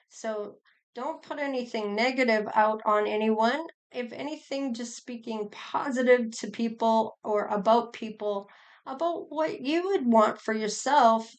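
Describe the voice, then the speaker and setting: A middle-aged woman giving a casual tarot reading, chatty and rambling, with sighs and small laughs. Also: fairly high pitch. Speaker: tarot reader.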